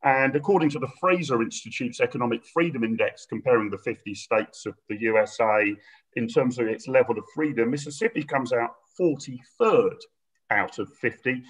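A man's voice: medium pitch, moderate pace, rough recording. A man from Britain hosting and chairing an interview, upbeat and chatty with frequent fillers. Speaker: host, chair of the discussion.

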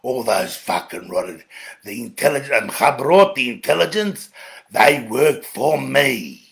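An Australian man in an angry, profane monologue to camera, dropping to low mutters, then shouting. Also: animated, measured pace, vocal fry. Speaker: video ranter.

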